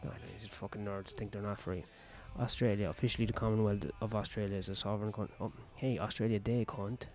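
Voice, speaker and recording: A man with a lowish, dark and mellow voice rambles through a casual vlog, cracking crude jokes and swearing freely. He is outdoors on a back patio with faint music in the background. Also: level tone, fast talker. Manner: crude, profane, joking. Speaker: stand-up comedian.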